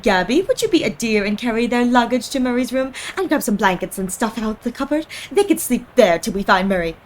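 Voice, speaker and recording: A woman's voice: fairly high pitch, expressive, brisk, natural voice. Casting: chatty young shop clerk in a game, friendly, bouncy intonation, read by a woman streamer.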